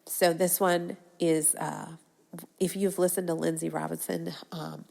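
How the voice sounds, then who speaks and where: A woman hosting a solo podcast, earnestly sharing affirmations, often dropping to a soft near-whisper as she repeats them and checking in with "okay?" and "right?". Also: deep voice, level tone, measured pace, vocal fry. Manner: speaks in short phrases with frequent "okay?" and "right?". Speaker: podcast host.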